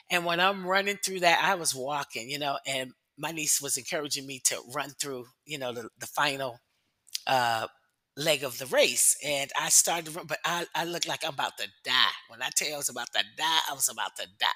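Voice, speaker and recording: A woman vlogger tells her story in a bright, forceful voice. She keeps it chatty and loose, slipping into quoted lines of what she was thinking at the time. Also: deep voice. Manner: chatty, acts out her own past thoughts in quotes. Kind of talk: casual personal storytelling vlog.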